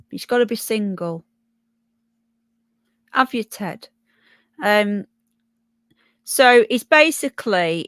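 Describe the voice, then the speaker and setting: Brummie woman, livestream host, mid pitch, dry close sound, blunt and chatty. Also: fairly bright tone, dry recording. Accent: Brummie, with some Yorkshire. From Birmingham, England. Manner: chatty and blunt, swears, greets viewers with "love" and "sweetheart". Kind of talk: casual live chat reading comments and news.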